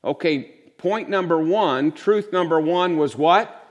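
A man's voice: a little high, unhurried, dull audio. An older man preaching a sermon to a congregation in a conversational style, sometimes mimicking voices for effect.

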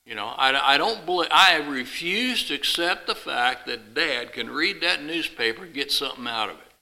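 A man voicing a family dog, puzzled and stubborn, in a slightly raised, bright storytelling voice. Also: medium pitch, animated, normal speed, creaky, full character voice, poor audio.

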